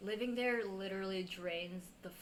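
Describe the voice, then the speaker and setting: A woman's voice: medium pitch, normal speed, slight background noise. Blunt, profane young woman from Queens. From Queens, New York. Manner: blunt, profane, laughs often. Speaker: podcast guest, comedian. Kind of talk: casual chat.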